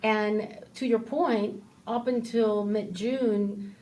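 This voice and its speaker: Woman guest on a podcast, explains stuff calm and measured, mid pitch voice. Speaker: guest portfolio manager. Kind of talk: casual interview.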